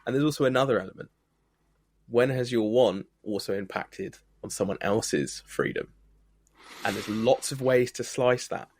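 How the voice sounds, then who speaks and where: A man's voice: medium pitch, moderate pace, a little mellow, breathy edge, no room sound. A man co-hosting a podcast, talking through ideas thoughtfully and building his points with examples. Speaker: podcast co-host. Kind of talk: reflective podcast conversation.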